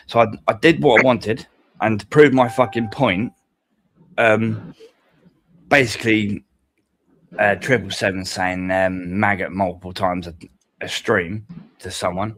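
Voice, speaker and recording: A man's voice: fairly low pitch, steady tone, unhurried, long pauses, a bit bright, no echo, clean studio sound. A man, talking on a live stream panel in a rambling, hesitant, sweary way. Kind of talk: casual stream chat.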